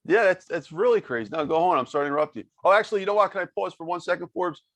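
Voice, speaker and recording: A man from South Philadelphia hosting a video call podcast interview, friendly and halting, often repeating his words. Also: sits high, a bit bright, no echo. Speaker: podcast host. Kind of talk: casual interview.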